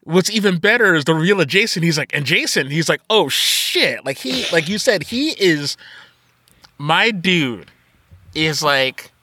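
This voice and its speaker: A man co-hosting a podcast, chatting casually about a movie in an animated, profane way and laughing often. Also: a little high, moderate pace, no echo, studio quality. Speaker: podcast co-host. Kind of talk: casual movie review chat.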